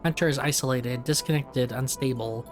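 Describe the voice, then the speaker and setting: Over game music, a man reads out the clipped, broken dialogue of a fugitive machine intelligence that lives in a vending machine. He uses his everyday voice, medium-pitched and moderately paced.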